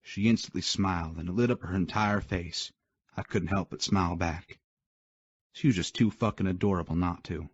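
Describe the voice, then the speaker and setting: Man reading a romance audiobook, lowish voice, gritty and sweary, dull dry sound. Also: moderate pace, no room sound. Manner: gritty, profane storytelling. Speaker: audiobook narrator. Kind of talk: first-person audiobook narration.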